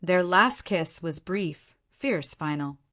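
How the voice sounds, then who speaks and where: Low-voiced woman narrating a dramatic story. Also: lively intonation, slow, sharp tone. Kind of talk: scripted narration.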